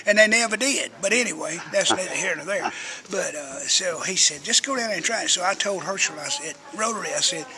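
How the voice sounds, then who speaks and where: A man's voice: sits high, expressive, a little fast, a crowd in the background. An older man, a radio personality telling rambling, folksy stories as an interview guest. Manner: folksy, chatty storyteller who acts out quotes.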